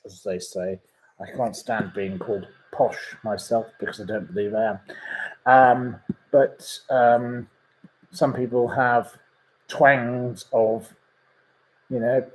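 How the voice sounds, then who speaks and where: A man with a warm, medium-pitched voice hosts a laid-back podcast, and the recording quality is rough. He wanders through his recommendations, filling gaps with ums and slipping into gossip.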